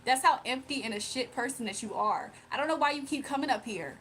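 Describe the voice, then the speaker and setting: High-voiced blunt woman livestreamer. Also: fast talker, fairly bright tone, a little hiss or hum. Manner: blunt and confrontational, scolding a viewer. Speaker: livestreamer giving spiritual readings. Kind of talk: casual livestream chat, reading comments aloud.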